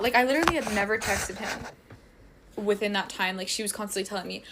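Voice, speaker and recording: A woman's voice: mid-range voice, racing, a bit bright, slight background noise. A teenage girl rambling through a casual storytime while getting ready at home, filling every sentence with "like". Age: teens. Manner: rambling, heavy use of "like" fillers.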